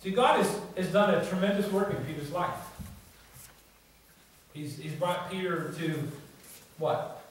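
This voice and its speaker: A man's voice: high voice, unhurried, pauses often. Man preaching in a very echoey church. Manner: conversational preaching, repeats words and adds "you see" and "okay?". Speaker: pastor. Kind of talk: sermon. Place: church sanctuary. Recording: very echoey church, distant mic, faint noise.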